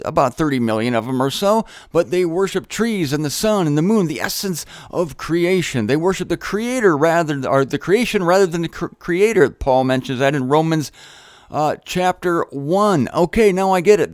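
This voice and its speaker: A man hosting his own show, teaching in a casual, chatty way with jokey asides and animated emphasis. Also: a little high, normal speed, no echo, clean studio sound. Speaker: host. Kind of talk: casual solo Bible teaching talk.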